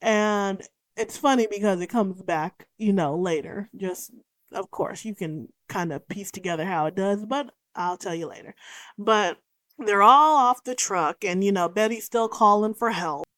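A young woman recapping a horror movie in a casual, profane, animated way, swearing freely and going off on tangents. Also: mid-range voice, dry recording.

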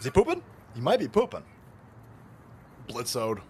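At a medium pitch and moderate pace, a California livestreamer's darkish voice swings hugely in pitch, with a little hiss or hum in the audio. He delivers a profane political rant, swearing, laughing, and mocking often.

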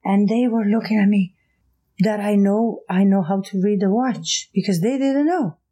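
A woman's voice: medium pitch, moderate pace, poor audio. Portuguese-accented woman telling stories. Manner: animated, laughs often, acts out voices. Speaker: guest. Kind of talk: casual storytelling.

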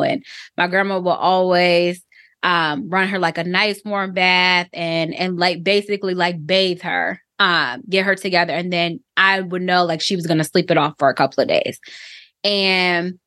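A woman's voice: lowish voice, fairly bright tone, no echo. Reflective woman telling her story, dry sound. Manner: reflective, halting, with many fillers. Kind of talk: personal storytelling on a podcast.

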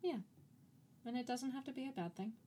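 A woman's voice: high voice, fairly quick, dark tone, slight background noise. A woman co-hosting a podcast in casual chat, talking loosely with lots of "like" fillers and easy laughs. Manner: chatty, frequent "like" fillers, laughs easily. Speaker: podcast co-host.

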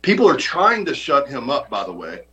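A man's voice: mid-range voice, huge pitch swings, moderate pace, bright, forceful tone, low-quality recording. A man preaching a sermon as pastor, earnest and emphatic, often repeating his points.

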